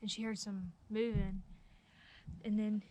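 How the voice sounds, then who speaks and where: A woman's voice: mid-range voice, flat delivery, a little slow, a little mellow, slight background noise. A thirteen-year-old girl telling her story, shy and hesitant, with many ums and likes. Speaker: interviewee. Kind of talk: casual storytelling.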